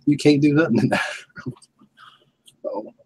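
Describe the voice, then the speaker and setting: A man's voice: a little high, flat delivery, a little slow, a little mellow, slight background noise, poor audio. A man hosting a casual livestream, chuckling and telling laid-back stories to viewers. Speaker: livestream host.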